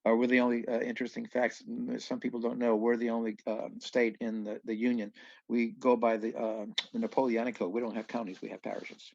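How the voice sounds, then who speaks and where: A man from southeast Louisiana, a guest on a podcast, telling stories in an animated way with many restarts and asides. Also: mid-range voice, a little fast, vocal fry, no room sound, muffled recording. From southeast Louisiana, USA. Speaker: guest musician. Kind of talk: storytelling in a casual podcast chat.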